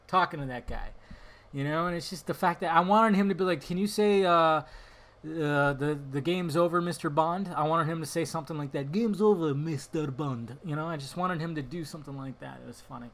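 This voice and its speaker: Rambling, bright-voiced male podcaster. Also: on the high side, fast talker. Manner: rambling, goes off on tangents, swears casually. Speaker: podcast host. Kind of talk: casual rambling monologue.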